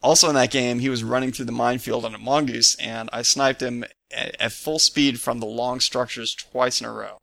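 A man with a gravelly, bright, forward voice reads a listener's story on a casual gaming podcast. He drops short upbeat reactions between lines. The sound is dry and close. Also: medium pitch, fairly even intonation, moderate pace, hardly any pauses, no room sound. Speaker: podcast co-host reading listener mail. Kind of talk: casual chat, reading letters aloud.

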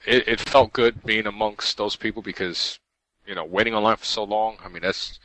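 A man's voice: on the low side, steady tone, moderate pace, sharp tone, dry recording, poor audio. A man co-hosting a podcast, talking in a casual, rambling way with many restarts. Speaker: podcast co-host. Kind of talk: casual chat.

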